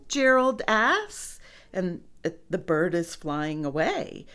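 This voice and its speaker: A woman's voice: lowish voice, smooth. A woman reading a picture book aloud to children, asking the listener questions about the pictures. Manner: slow, expressive, asks the listener questions. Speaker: storybook reader.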